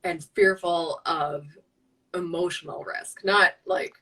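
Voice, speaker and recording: A middle-aged woman, a guest in a casual live-stream chat, speaking in a reflective, halting way and often correcting herself. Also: lowish voice, steady tone, a bit bright. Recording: distant mic.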